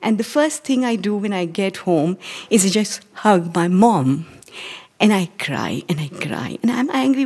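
Indian woman, forties, breathy voice, live stage storyteller, measured and hesitant. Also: medium pitch, lively intonation, darkish tone. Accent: Indian English. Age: 40s. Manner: measured and hesitant, dropping to near-whispers.

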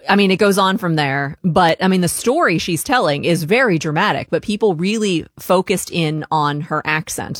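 An interview host asks questions at a medium pitch, measured and prompting. The sound is dry and close, with no room around it. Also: dry recording.

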